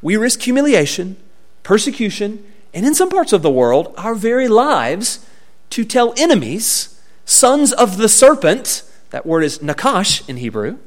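A man preaching a sermon in a fairly high voice. His delivery is expressive and very lively, rising and falling as he speaks. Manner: expressive preaching with wide swings in pitch and volume. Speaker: pastor.

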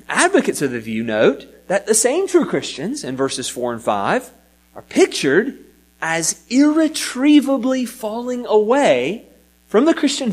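Guy preaching a sermon, kinda high voice, really expressive, leans hard on words. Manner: emphatic, rising and falling delivery with repeated words. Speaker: pastor. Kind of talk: sermon teaching on scripture.

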